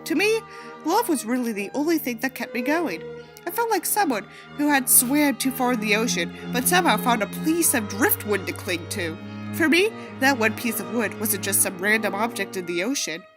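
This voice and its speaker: A woman's voice: fairly high pitch, sing-song, moderate pace, music in the background. Sarcastic woman reading aloud. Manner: sarcastic, swearing asides. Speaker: audiobook reader.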